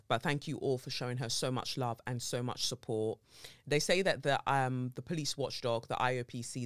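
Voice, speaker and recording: A woman's voice: no room sound, studio quality. Cheeky, profane woman podcast host. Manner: animated, cheeky and profane, with big pitch jumps. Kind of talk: solo podcast monologue. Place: podcast recording setup with a camera.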